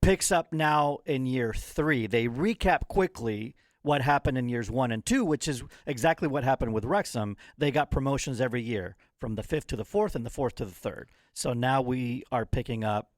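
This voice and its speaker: A man co-hosting a casual chat, teasing his partner and quick to correct and explain details. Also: mid-range voice, no echo, studio quality. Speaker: podcast co-host.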